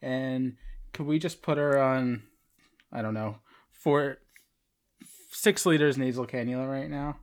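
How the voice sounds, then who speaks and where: A man's voice: medium pitch, a little slow, long pauses, clean tone. A man, a doctor, working methodically through a mock exam case on a podcast with wry asides. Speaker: doctor taking a mock oral boards case.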